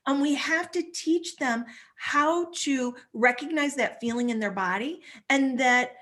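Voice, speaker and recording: Animated woman coach, rather high voice. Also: measured pace. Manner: animated, acts out little voices while explaining. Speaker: family stress coach, guest speaker. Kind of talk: conversational talk.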